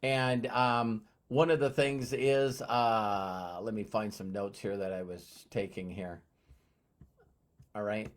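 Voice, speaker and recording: A man's voice: on the low side, level tone, slow. Male motivational streamer, casual, chatty, greets viewers by name. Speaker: motivational live-stream host. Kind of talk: casual live-stream talk. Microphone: phone.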